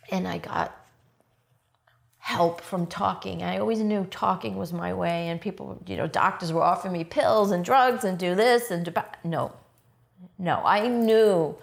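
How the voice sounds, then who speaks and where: A woman's voice: lowish voice, creaky. Middle-aged woman, interview subject; intense, unfiltered, frequent swearing. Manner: raw, blunt, swears often, emotionally intense. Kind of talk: emotional personal storytelling interview.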